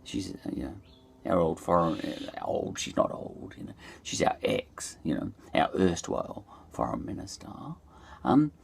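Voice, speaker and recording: A man's voice: low-pitched, very animated, a little slow, creaky, slight background noise. A middle-aged Australian man musing aloud in a loose, digressive monologue, full of fillers and restarts. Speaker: podcast host. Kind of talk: rambling reflective monologue.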